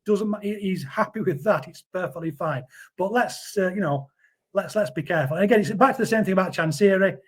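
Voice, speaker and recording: Man, husky voice, fairly high pitch, earnest, interview guest. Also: fairly quick. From Yorkshire, England. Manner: earnest, defensive, repeats words. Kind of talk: casual interview chat.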